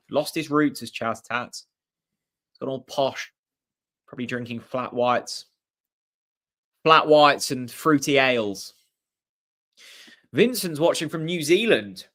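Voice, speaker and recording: A young man hosting a live football watchalong, chatting with viewers and reacting to the match in a casual, excitable way. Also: a little high. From Norfolk, England. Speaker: host of a fan channel watchalong.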